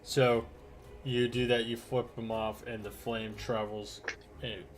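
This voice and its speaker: A man's voice: mid-range voice, little pitch movement, a little slow, noisy background. A man running a tabletop role-playing game, narrating the action casually and vividly. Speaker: game master.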